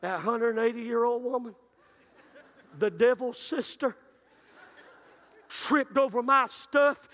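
A man preaching a sermon, telling stories and building to shouted climaxes. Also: very high voice, slow. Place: church sanctuary. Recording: long reverb of a church hall.

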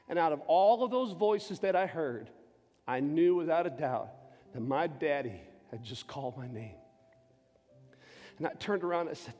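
A man in his forties, a pastor, giving an impassioned personal testimony from the pulpit, swinging between loud and hushed. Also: fairly high pitch, expressive, moderate pace. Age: 40s. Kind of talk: sermon. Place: church sanctuary. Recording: long church reverb with faint music.

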